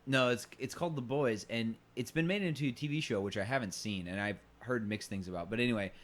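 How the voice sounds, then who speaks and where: A man with a mid-range voice and a quick pace co-hosts a podcast, chatting casually, joking and laughing often, and using many fillers.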